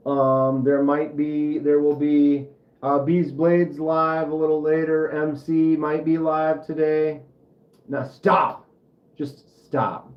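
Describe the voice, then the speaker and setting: A man's voice: a little high, echoey room, dull audio. A man with a Minnesota accent hosting a casual livestream, rambling and chatting back to viewer comments. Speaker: knife channel livestream host.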